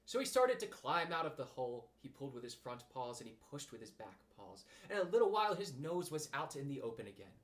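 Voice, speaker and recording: A man reading a children's storybook aloud in an animated, expressive way. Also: medium pitch, fast, hardly any pauses. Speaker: audiobook reader.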